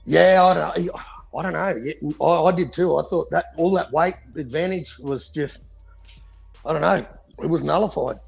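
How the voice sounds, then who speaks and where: A man's voice: on the high side, normal speed, creaky, husky, faint music behind. A man co-hosting a casual boxing podcast, talking in profane, heated rants. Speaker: podcast co-host.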